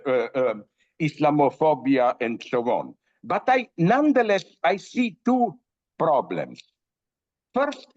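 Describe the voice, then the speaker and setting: Older guy rambling emphatically w lots of uhs, slowish, muffled dry sound. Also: fairly high pitch, no echo. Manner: emphatic, many fillers and restarts, tells jokes. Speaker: philosopher guest. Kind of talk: animated interview talk. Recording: dull dry audio.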